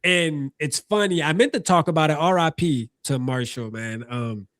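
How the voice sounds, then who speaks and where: Male podcast host, lively fan chatter, slightly higher voice, dry close mic. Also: no echo. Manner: animated, quick to shout people out, repeats himself. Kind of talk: casual sports podcast chat.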